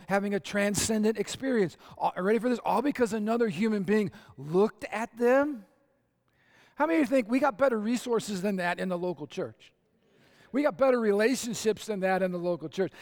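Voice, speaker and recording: Male pastor, higher voice, lively conversational sermon with acted-out quotes.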